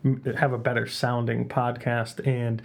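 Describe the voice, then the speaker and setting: A man hosting a casual home podcast, relaxed and joking, laughing often. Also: medium pitch, a little slow, vocal fry. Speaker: podcast host. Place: home podcast room with blankets on walls.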